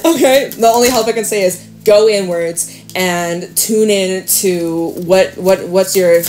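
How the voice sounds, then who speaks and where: A woman's voice: mid-range voice, measured pace, darkish tone, a little hiss or hum. Chatty woman giving a tarot reading. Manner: chatty, reassuring, laughs often, talks to viewers as y'all. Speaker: tarot reader. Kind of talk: casual tarot reading to camera.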